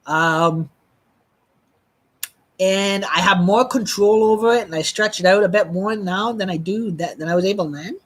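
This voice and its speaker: Speaking at a medium pitch with a fairly bright tone, this live streamer rambles through a personal story in fits and starts, frequently starting over and cursing bluntly.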